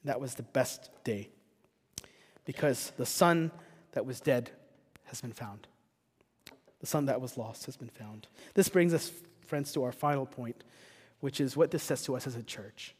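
A man's voice: medium pitch, measured pace, long pauses, husky. A man preaching a sermon as pastor, earnest and rising to passionate rhetorical questions. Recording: long reverb of a church hall.

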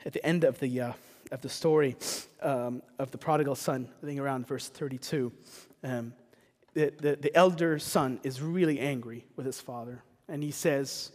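A man's voice: on the high side, normal speed, a little mellow. A man preaching a sermon as pastor, earnest and rising to passionate rhetorical questions. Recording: long reverb of a church hall.

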